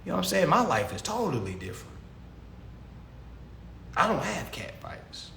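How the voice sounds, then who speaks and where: A man's voice: on the high side, big pitch swings, normal speed, vocal fry, sharp tone, slight background noise. Guy going off on his stream, preachy and slangy, says stuff twice, roomy echo. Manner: preachy, emphatic, repeats himself, slangy. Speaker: livestream host answering chat. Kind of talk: casual livestream monologue.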